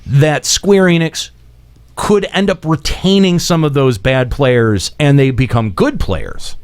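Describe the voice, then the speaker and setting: Animated guy hosting a call-in show, lots of uh's and restarts. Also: fairly high pitch, a little slow. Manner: animated, restarts often, hedging with "uh". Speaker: radio show host. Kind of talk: casual podcast talk.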